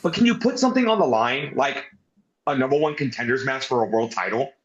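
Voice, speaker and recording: A man's voice: medium pitch, animated, a little fast, a crowd in the background. A man co-hosting a casual wrestling review, talking animatedly and swearing often. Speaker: podcast co-host. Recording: roomy, dull lo-fi sound.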